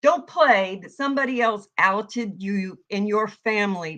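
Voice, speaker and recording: A woman giving a heated, profane commentary rant, yelling at times. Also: medium pitch, measured pace. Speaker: online commentator.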